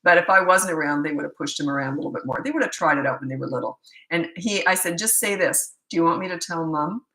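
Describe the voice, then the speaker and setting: A woman's voice: deep voice, quick pace, bright, forceful tone. Chatty middle-aged woman in a roomy space. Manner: chatty storyteller who acts out quoted remarks. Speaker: parenting coach and show host. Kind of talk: casual live Q&A chat. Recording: roomy echo.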